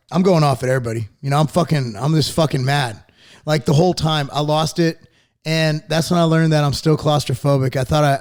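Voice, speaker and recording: A man in his forties hosting a podcast, ranting casually with constant swearing. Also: on the high side. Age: 40s. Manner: profane, animated ranting. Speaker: podcast host.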